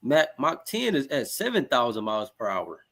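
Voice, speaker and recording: A man's voice: mid-range voice, big pitch swings, moderate pace, a bit bright. A man co-hosting a casual chat, sounding amazed and slangy while reading facts aloud.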